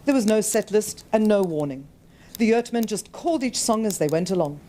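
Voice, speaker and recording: A woman's voice: mid-range voice, brisk, slight background noise. A woman author reading her own novel aloud at a bookshop event, telling the story expressively. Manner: expressive, animated storytelling with voiced characters.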